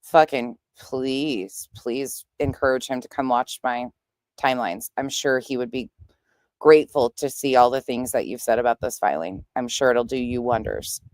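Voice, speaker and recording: A woman's voice: extremely low pitch, moderate pace, a little mellow, no room sound. A woman giving blunt, sarcastic commentary on a livestream. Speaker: commentary streamer. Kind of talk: reaction commentary.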